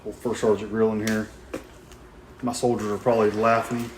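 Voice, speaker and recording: A man's voice: fairly low pitch, little pitch movement, moderate pace, noisy background. A man, hosting a casual barbecue cooking video in a folksy, joking way outdoors. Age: 50s. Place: outdoors at a grill.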